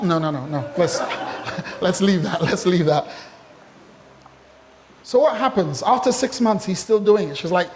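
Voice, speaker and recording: In a high voice at a moderate pace, a man preaches as a pastor, lively and funny. He speaks to the congregation in asides and acts out the quotes.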